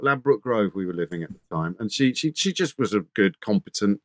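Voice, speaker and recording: A middle-aged male radio presenter tells anecdotes in a chatty conversational interview, often restarting sentences and repeating words. His voice is lowish, expressive and fairly quick, recorded dry with studio quality.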